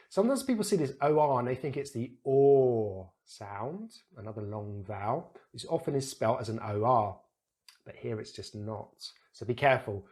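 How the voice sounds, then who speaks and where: A man's voice: mid-range voice, brisk, a little mellow. A man with a British accent teaching pronunciation, patiently sounding out vowels and words one by one. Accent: British English. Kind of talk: explaining pronunciation to camera.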